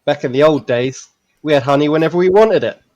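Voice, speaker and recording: A man's voice: on the high side, quick pace, a little mellow, no echo, dull audio, close to an everyday voice. A man voicing a grumbling male bear in a tabletop game who longs for the old days.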